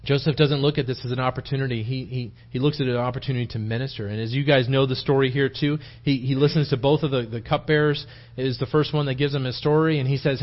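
A man's voice: mid-range voice, steady tone, fast, hardly any pauses. A man giving an informal, rambling Bible-study sermon in church, often restarting his sentences and acting out quotes. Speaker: lay preacher teaching Bible study. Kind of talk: conversational sermon. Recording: dull lo-fi sermon tape.

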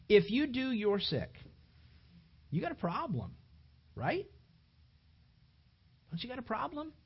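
Animated preacher, dull lo-fi recording. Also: medium pitch. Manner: animated, emphatic preaching, addresses listeners directly. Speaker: pastor. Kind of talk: sermon. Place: church hall with a congregation.

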